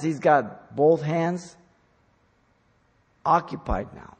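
A man preaching a sermon as a pastor, deliberate and emphatic, pressing hard on key words. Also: medium pitch, expressive, a little mellow, slightly rough. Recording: long hall reverb.

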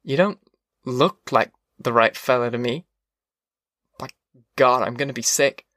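A dazed, hurt deputy, as a man puts him on mumbles slowly and weakly, softer and set back from the mic. The audiobook sound is dry. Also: medium pitch, dry recording. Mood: groggy. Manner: slow, groggy, weak.

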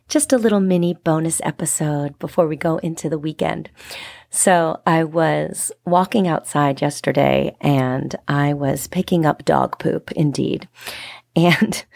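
A cheerful woman hosts her own wellness podcast, her voice sitting a little low for a woman. She speaks encouragingly and laughs often, recorded dry and close with soft music underneath. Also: unhurried, creaky, no room sound. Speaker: podcast host, lifestyle coach. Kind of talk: upbeat solo podcast monologue.

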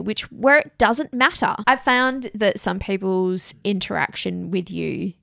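A young woman, co-hosting a podcast in frank, expressive casual chat. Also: mid-range voice, measured pace, creaky, no echo, studio quality. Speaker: podcast co-host.

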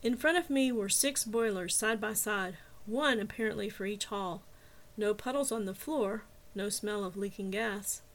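A woman, the author, narrating her own novel in the first person with steady, measured storytelling. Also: medium pitch. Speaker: author and reader.

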